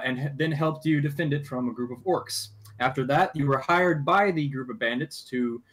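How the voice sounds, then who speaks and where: A man narrating a tabletop game as game master, halting with frequent fillers and restarts. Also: medium pitch, fairly bright tone. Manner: halting, many fillers and restarts while recapping.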